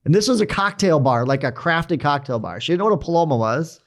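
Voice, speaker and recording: Male podcast host, casual chat, slightly high voice, animated storyteller. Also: fast.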